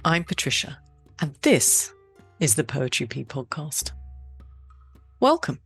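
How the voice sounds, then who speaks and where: Low-voiced woman hosting a podcast. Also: a little slow, gravelly, a bit bright, breathy edge, soft background music. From Switzerland. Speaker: podcast host. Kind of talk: scripted podcast narration.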